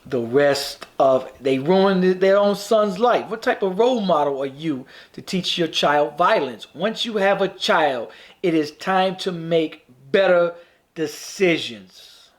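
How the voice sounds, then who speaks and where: A man from Chicago giving emphatic, preachy live-stream commentary and talking straight to his viewers. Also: fairly high pitch. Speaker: vlogger.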